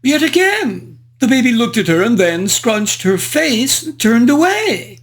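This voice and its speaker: In a mid-range, highly animated voice at a measured pace, a performer plays a frivolous, foppish English aristocrat. He narrates a book review in character, using flowery, old-fashioned, genteel language.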